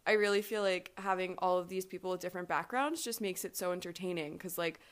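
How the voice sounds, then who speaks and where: A woman's voice: on the low side, fast, clear, resonant tone. A woman talking as a podcast guest in casual chat, rambling along and filling her speech with "like.". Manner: rambling, heavy use of "like" fillers. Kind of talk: casual chat recapping a reality show.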